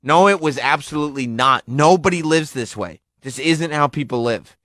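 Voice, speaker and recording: A man's voice: on the high side, normal speed, fairly bright tone, dry recording, studio quality. A man co-hosting a radio show, teasing his co-host with wordy, incredulous remarks. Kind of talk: radio banter.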